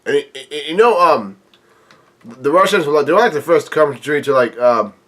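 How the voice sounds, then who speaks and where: A man with a stuffy nose, casually reading manga panels aloud in a halting way, adding blunt remarks as he goes. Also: on the high side, lively intonation, fairly bright tone. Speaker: manga reaction video host. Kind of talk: casual read-along commentary.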